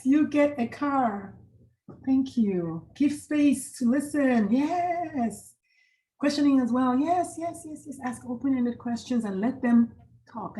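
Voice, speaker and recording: A woman with a fairly high voice wraps up an online talk from a hotel room. She sounds warm and chatty, greeting each person on the call by name and laughing easily. It has the feel of a casual video call. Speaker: presenter.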